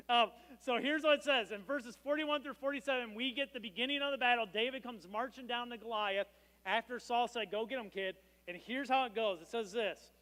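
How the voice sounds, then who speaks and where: A man's voice: very high-pitched, normal speed, bright, forceful tone. A man preaching a sermon as pastor, with a casual, joking storytelling manner. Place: church. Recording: long reverb in a church hall.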